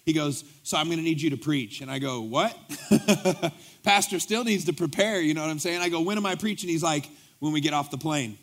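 A male pastor with a fairly high voice delivers a sermon. He tells a story animatedly, acting out the dialogue. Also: fairly quick, fairly bright tone.

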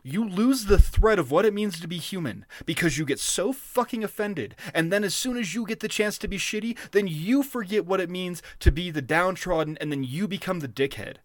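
A man's voice: high voice, animated, a little fast, few pauses, no echo. A man co-hosting a casual podcast, ranting with a lot of profanity and getting worked up. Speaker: podcast co-host.

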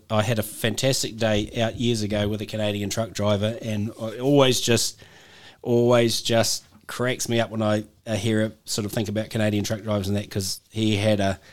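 A man with a New Zealand accent co-hosting a casual podcast chat, an animated storyteller who laughs often. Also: on the low side, normal speed. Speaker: podcast co-host.

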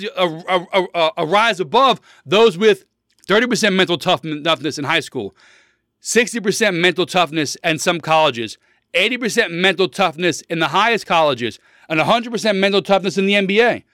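A man in his thirties hosting a solo podcast with a fairly high voice. He talks bluntly and preaches, repeating short commands for emphasis. The sound is close and dry, with no room around it. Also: expressive, moderate pace, bright, forceful tone, no room sound. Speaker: podcast host. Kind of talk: casual solo podcast monologue.

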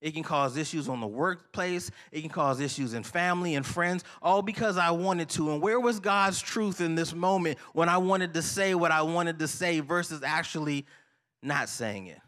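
Guy preaching a sermon, high bright voice, keeps asking the crowd to fill in the word. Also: normal speed. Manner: preachy call-and-response, asks the congregation to finish lines. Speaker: pastor.

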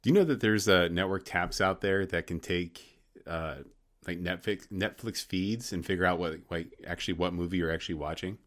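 A man's voice: sits low, normal speed, fairly bright tone. A man co-hosting a podcast, talking hesitantly with many restarts. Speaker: podcast co-host. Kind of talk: casual tech chat.

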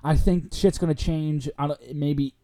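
A young man with a mellow, warm voice co-hosts a casual sports podcast. He talks excitedly, laughs a lot and swears freely. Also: fairly high pitch, a little slow. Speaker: podcast co-host.

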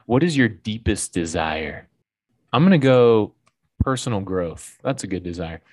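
A man co-hosting a casual movie podcast, reading out quiz questions in a relaxed way. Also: fairly low pitch, a little slow, no echo, studio quality. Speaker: podcast co-host.

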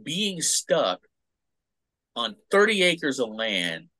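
A man's voice: medium pitch, very animated, extremely slow, pushed and bright, no echo. A man co-hosting a podcast in casual chat, musing animatedly and swearing freely. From United States. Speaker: podcast co-host.

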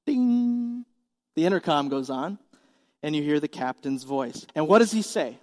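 A man's voice: a little high, expressive, moderate pace, a little mellow, big-room sound. A man in his forties preaching a sermon as pastor, earnest and emphatic, asking the congregation questions. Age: 40s.

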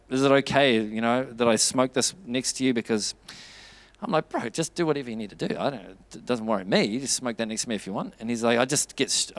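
A man preaching a sermon, telling a story with quoted dialogue and building to fervent urging. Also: medium pitch.

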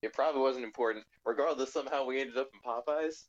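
A man's voice: mid-range voice, quick pace. A young man telling a rambling, laugh-filled story in casual chat. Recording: dull lo-fi sound.

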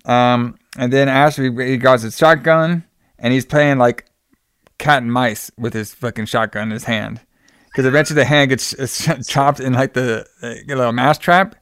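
Smooth-voiced man recapping a movie casually. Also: mid-range voice, steady tone, normal speed, fairly bright tone, no room sound, clean studio sound. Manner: rambling, swears freely, many fillers.

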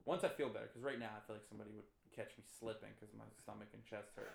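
A man's voice: fairly low pitch, fairly even intonation, rapid-fire, vocal fry, reverberant. Easygoing male podcast co-host, casual and profane. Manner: laid-back, swearing, jokey banter. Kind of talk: casual chat.

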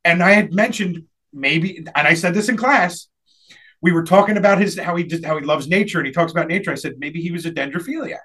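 A man's voice: high voice, fairly quick, fairly bright tone, husky. A man telling a rambling funny story in casual chat, laughing often and acting out the people he quotes.

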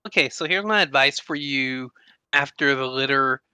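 An easygoing man co-hosts a casual podcast. His voice is very bright and smooth, and the sound is dry and close. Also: mid-range voice, normal speed, no room sound. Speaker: podcast co-host.

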